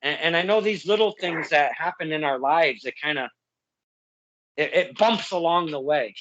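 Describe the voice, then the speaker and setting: A man's voice: a little high, normal speed, a bit bright, muffled recording. A man hosting a casual interview, effusive and heartfelt, rambling with many restarts. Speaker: podcast host.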